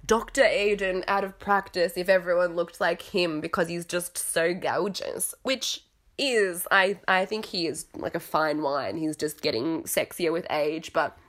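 A woman's voice: fairly low pitch, measured pace, fairly bright tone. A woman from Australia with a mixed Australian accent, rambling and hesitant through a casual recap while fighting a cough. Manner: rambling, hesitant, many fillers. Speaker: vlogger.

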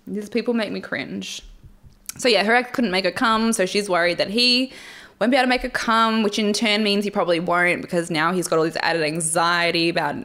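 A woman's voice: mid-range voice, steady tone, fairly quick, fairly bright tone. Wry, chatty woman podcaster. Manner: candid, wry and chatty, with frequent laughs. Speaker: podcast host. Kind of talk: solo casual recap commentary. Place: at home alone with her cats.

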